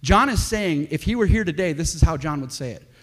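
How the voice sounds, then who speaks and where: A male pastor preaching with an emphatic, animated delivery. His fairly high voice leaps up and drops low, and he moves between forceful declarations and near-whispered lines. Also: brisk. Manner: emphatic, swings from loud to hushed. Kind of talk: sermon.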